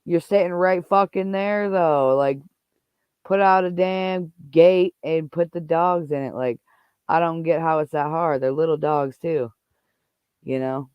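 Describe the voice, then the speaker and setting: Livestream host, man, heated profane rant; smooth, slightly higher voice, close and dry. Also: a little slow, dry recording, muffled recording. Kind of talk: casual ranting livestream chat.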